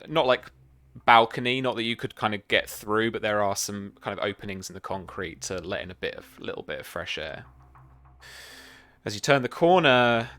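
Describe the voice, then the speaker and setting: A man's voice: lowish voice, bright, forceful tone, smooth. A man narrating a tabletop game as game master, describing scenes loosely with many fillers.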